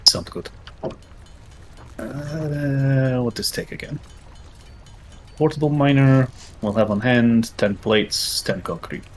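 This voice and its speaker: Speaking slowly and pausing often, this medium-pitched male streamer hosts a casual gaming livestream over a little hiss or hum. He talks while playing, affecting a fake Russian accent and leaving out articles.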